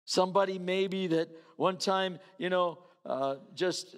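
A man's voice: sits high, a little slow, clear, resonant tone. A man preaching a sermon in a conversational way, acting out the voices of the people he quotes. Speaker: pastor. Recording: reverberant hall.

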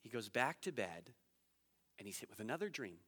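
A man's voice: fairly low pitch, brisk, slightly rough, big-room sound. A man preaching a sermon, telling a personal story and acting out the voices in it, laughing at himself as he goes. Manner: animated, acts out quotes in his story, laughs at himself. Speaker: pastor.

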